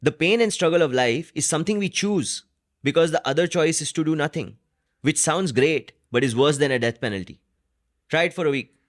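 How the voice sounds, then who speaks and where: A man's voice: on the high side, brisk. A man hosting a solo podcast, talking through his thoughts in a reflective, rambling way, often restarting sentences and tagging them with "right?". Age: adult with a wife and a job in an office. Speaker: podcast host.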